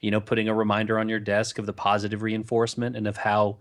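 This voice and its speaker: A man co-hosting a casual podcast, giving laid-back advice and stories with a relaxed, rambling delivery. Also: fairly low pitch, quick pace. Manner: easygoing, many "you know" fillers. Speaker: podcast co-host. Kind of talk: casual chat.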